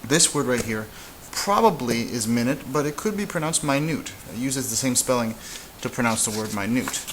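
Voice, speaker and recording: A man teaching a casual whiteboard lesson, relaxed and halting, with frequent fillers and restarts. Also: medium pitch, noisy background. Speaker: Spanish teacher.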